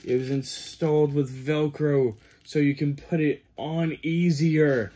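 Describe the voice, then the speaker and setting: Slow-talking, gushing male cosplay vlogger. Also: on the high side. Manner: gushing, excitable, talks to viewers. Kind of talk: casual product review.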